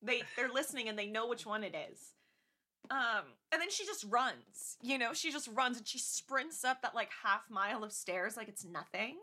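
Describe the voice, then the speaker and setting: A young woman chats casually on a podcast with a bright, high voice. She gushes about a film and jumps into excited impressions of its lines. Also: normal speed. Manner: gushing, animated, acts out movie lines in high voices. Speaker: podcast co-host. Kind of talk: casual chat.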